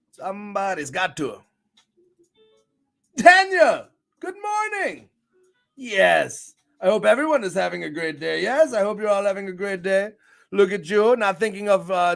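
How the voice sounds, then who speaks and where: A man hosting a casual livestream chat show, upbeat and rambling, breaking into loud excited shout-outs to viewers. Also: high-pitched, vocal fry.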